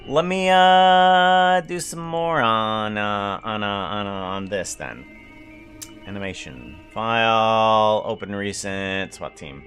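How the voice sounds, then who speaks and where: A man streaming live, chatting casually in a rambling, halting way as he works. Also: fairly low pitch, a bit bright, faint music behind. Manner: rambling, halting, self-correcting.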